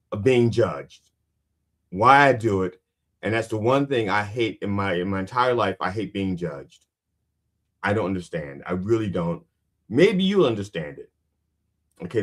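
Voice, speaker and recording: A man hosting a podcast who also performs stand-up, talking in a rambling, self-questioning way and swearing casually. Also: fairly low pitch. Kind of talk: casual chat. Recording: roomy, distant mic.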